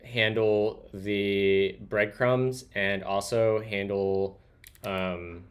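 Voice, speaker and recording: A man's voice: fairly low pitch, fairly even intonation, drawn-out words. A man streaming live as he codes, thinking aloud and muttering to himself as he types. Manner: muttering to himself while typing. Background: keyboard typing.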